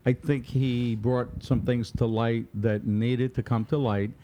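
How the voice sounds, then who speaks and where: A man's voice: mid-range voice, steady tone, unhurried, dark tone, slight background noise. A man in a casual podcast chat, speaking hesitantly with many restarts. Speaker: podcast co-host.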